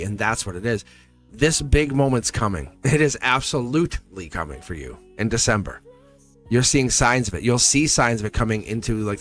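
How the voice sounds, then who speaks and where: A man's voice: lowish voice, a bit bright. A man giving a live tarot reading, talking in a rambling, earnest way, laughing often and acting out quoted lines. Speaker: tarot reader. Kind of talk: live tarot reading, casual spiritual talk.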